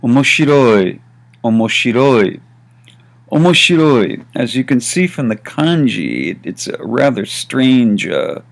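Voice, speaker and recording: A man teaching everyday spoken phrases, slowly acting out each one with varied intonation. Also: medium pitch, very animated, creaky. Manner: slow and deliberate, demonstrating phrases with varied intonation. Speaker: language teacher. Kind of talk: casual spoken lesson.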